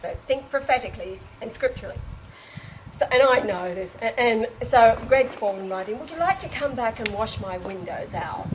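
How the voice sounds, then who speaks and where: A woman with a slightly high voice tells a spiritual story in a loose, chatty way. She slips into other people's lines as she goes and breaks into laughter often. Faint noise sits under the recording. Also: moderate pace. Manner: animated retelling, acts out dialogue, laughs often. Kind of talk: casual spoken testimony.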